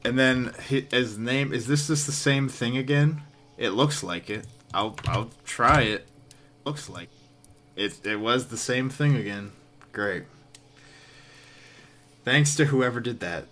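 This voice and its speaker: Slow, dry-talking male streamer. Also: medium pitch, a bit bright. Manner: dry, sarcastic reactions. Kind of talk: casual live-stream commentary.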